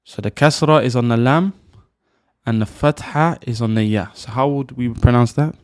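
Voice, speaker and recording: A man teaching letter sounds, slowly repeating each sound for the learner to copy. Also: mid-range voice, clean tone, dry recording, studio quality. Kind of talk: pronunciation lesson.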